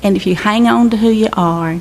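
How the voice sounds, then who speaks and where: A woman's voice: mid-range voice, brisk. An older woman giving an earnest, exhorting church testimony about a mission trip. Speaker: mission team member reporting to her church. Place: church sanctuary. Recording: echoey church hall with faint hiss.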